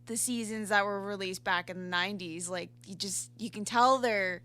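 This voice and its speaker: A woman's voice: medium pitch, moderate pace, pushed and bright. A young woman co-hosting a radio show, chatting casually with short, hesitant replies. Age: young adult. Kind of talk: casual chat.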